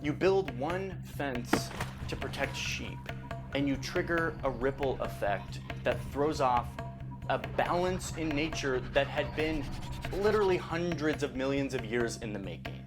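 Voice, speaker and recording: A man's voice: mid-range voice, animated, a little slow. Wry man narrating over music. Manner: chatty and wry, with asides. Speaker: video narrator. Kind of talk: casual narrated explainer video.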